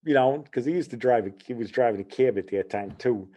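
Middle-aged man from Chicago, casual storyteller, mellow timbre, mid-range pitch, animated. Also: fairly quick. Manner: animated, acts out the voices in his story.

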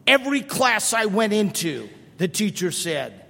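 A middle-aged man preaching a sermon as pastor, animated and emphatic, firing off rhetorical questions and repeating for emphasis. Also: high voice, a little slow, vocal fry, few pauses. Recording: long reverb of a large hall.

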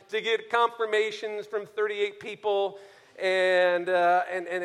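A man preaching a sermon as pastor, swinging from soft, low passages to shouted exhortation. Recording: long hall reverb.

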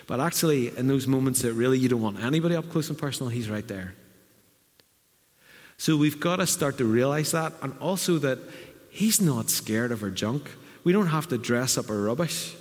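A middle-aged man from Northern Ireland preaches a conversational sermon in a church hall, occasionally raising his voice to act out quotes. His mid-range voice is expressive and normally paced, and the hall is reverberant.

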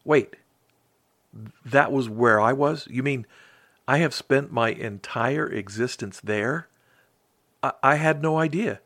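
A man's voice: medium pitch, takes it slowly, long pauses, fairly bright tone, no room sound. A man voicing a small, timid carpet beetle that stammers, tearful and full of wonder. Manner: stammering, breathless.

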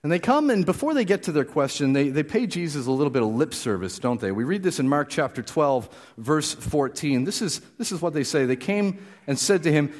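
A man's voice: fairly high pitch, sing-song, brisk, darkish tone. A man preaching a conversational, explanatory sermon, often restarting his phrases.

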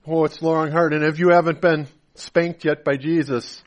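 Higher-voiced preaching pastor, loud to hushed. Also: male voice, level tone, normal speed. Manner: swings between loud emphatic preaching and quiet confessional asides; acts out voices of people he quotes. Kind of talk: sermon.

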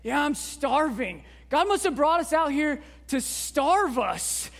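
Woman doing hungry grumbling wanderer, whiny and casual, high, unhurried. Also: sing-song, exaggerated voice. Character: grumbling hungry adult Israelite men, complaining.

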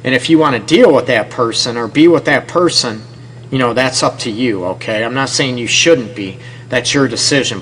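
A man hosts a relationship advice radio show and talks earnestly at a middle pitch. He keeps checking in with "okay?" as he explains. A faint hum sits under the recording. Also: fairly bright tone, low-quality recording. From Detroit area. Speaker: radio show host and counselor.

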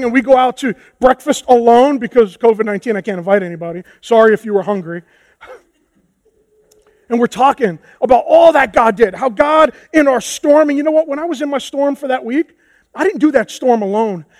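Man, pastor, passionate sermon, very high voice, swings from quiet to shouting. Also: fairly quick, dry recording. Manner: impassioned preaching that swings from hushed to shouted. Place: church hall with a congregation.

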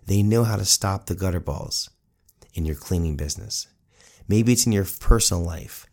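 A man in his forties hosting a solo podcast, telling a story in an animated, self-mocking way. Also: low-pitched. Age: 40s. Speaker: podcast host.

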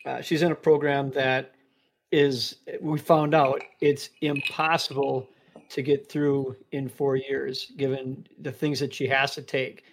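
A man co-hosting a casual podcast, telling a story with many ums and pauses. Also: medium pitch, little pitch movement. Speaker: podcast co-host. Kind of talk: casual chat.

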